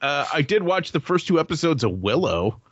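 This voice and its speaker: A man chats casually on a podcast, jokey and swearing freely. His husky voice swings widely in pitch. The recording is dry and a little dull. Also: sing-song, brisk, no echo. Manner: profane, jokey, incredulous. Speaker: podcast co-host. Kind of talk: casual chat.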